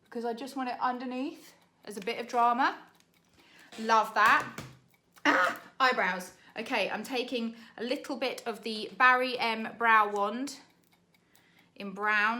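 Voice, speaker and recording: A young British woman, a makeup artist, chatting to camera in a rushed, laughing tutorial while doing her makeup. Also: fairly high pitch, bright, forceful tone. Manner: chatty, rushed, laughing under time pressure.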